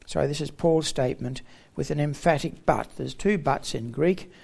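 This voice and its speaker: A man's voice: fairly high pitch, normal speed, gravelly, a little mellow. A man preaching a Bible teaching sermon in an expository manner, stressing key words with emphatic rising tones.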